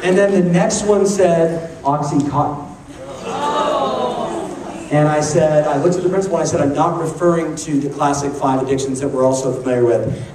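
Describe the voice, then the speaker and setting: Guy with a high voice doing a pumped-up motivational talk, echoey hall, camcorder from far back. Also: a little hiss or hum. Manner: energetic, joking, asks the crowd questions. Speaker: motivational speaker. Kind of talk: live motivational talk to an audience. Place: large conference hall. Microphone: handheld camcorder in the audience.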